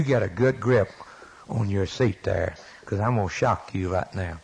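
Slow, husky male preacher. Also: lowish voice, poor audio. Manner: impassioned, rising to sudden loud peaks. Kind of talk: sermon.

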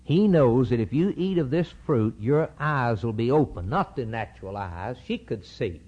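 Animated preacher on lo-fi tape. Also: male voice, medium pitch, normal speed, breathy edge. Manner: emphatic, repetitive, rhetorical questions. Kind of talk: sermon, Bible exposition. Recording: dull lo-fi recording.

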